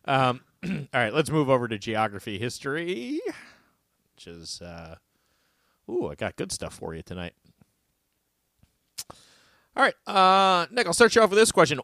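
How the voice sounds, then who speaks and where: A man's voice: fairly high pitch, a bit bright, no room sound, clean studio sound. A man co-hosting a trivia podcast in casual quiz chat, joking and laughing often.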